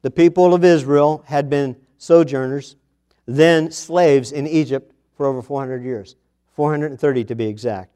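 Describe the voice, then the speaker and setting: A male pastor preaching a morning sermon, reading scripture aloud with emphasis and swinging between loud declarations and hushed asides. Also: a little high, moderate pace, clean tone.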